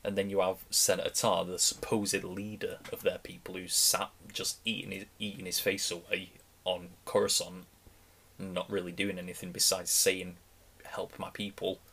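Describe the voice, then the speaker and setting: A man's voice: low-pitched, little pitch movement, moderate pace, bright, forceful tone, breathy edge. A young man giving a casual, rambling reaction commentary, often restarting his sentences as an enthusiastic fan. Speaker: reaction video host.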